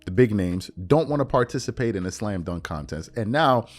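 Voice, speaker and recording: A man hosting a podcast in a casual commentary monologue, animated and given to repeating himself, climbing toward near-shouting when riled. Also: fairly low pitch, normal speed, faint music behind. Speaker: podcast host.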